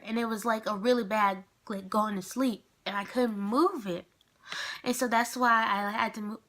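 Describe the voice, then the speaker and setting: Young woman, vlogger, slow unhurried delivery, chatty rambling storytime. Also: medium pitch, a bit bright. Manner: chatty, rambling, lots of fillers. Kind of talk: casual storytime vlog.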